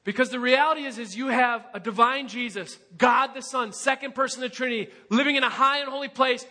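An earnest man preaching a sermon, pressing his listeners with rhetorical questions. His voice sits unusually high and rings bright and sharp, and the delivery stays emphatic throughout. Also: a little fast. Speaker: pastor.

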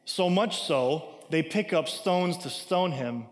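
Male pastor, higher register, casual emphatic sermon delivery with lots of "right?", long hall reverb. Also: lively intonation, slow. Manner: conversational preaching with frequent "right?" asides; emphatic, acts out scripture quotes.

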